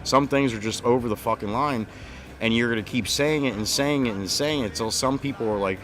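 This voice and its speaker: A man's voice: mid-range voice, fairly quick, fairly bright tone. A man hosting a livestream, talking politics in a casual, profane and heated way. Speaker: livestream host.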